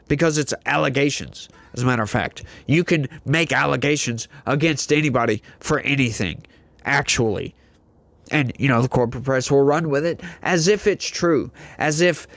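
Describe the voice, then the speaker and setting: A man's voice: medium pitch, fairly bright tone, dry recording. A man hosting a commentary vlog, ranting indignantly with repeated rhetorical questions. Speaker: political commentary host.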